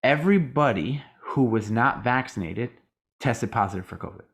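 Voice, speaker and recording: A man's voice: mid-range voice, animated, moderate pace. Rambling, tired American podcast guy. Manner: rambling, swears freely, acts out other people's lines. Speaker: podcast co-host. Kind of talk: casual chat.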